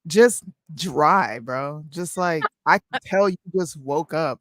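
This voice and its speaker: A woman co-hosting a live talk show, talking in a slangy, animated, opinionated way. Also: low-pitched, unhurried, few pauses, no room sound, clean studio sound. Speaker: co-host. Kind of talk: casual chat.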